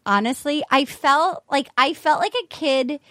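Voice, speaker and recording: A woman's voice: high-pitched, a bit bright, dry recording, clean studio sound. A woman co-hosting a podcast, telling stories in bubbly, gushing casual chat. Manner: bubbly and gushing, quick storytelling. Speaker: podcast co-host and comedian.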